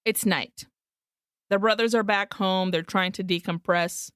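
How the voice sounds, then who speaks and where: A woman's voice: mid-range voice, steady tone, measured pace, fairly bright tone, clear, resonant tone, no room sound, studio quality. A woman co-hosting a podcast, animatedly retelling a film plot in casual chat, laughing often and swearing freely, with Spanish words mixed into her English. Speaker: podcast co-host.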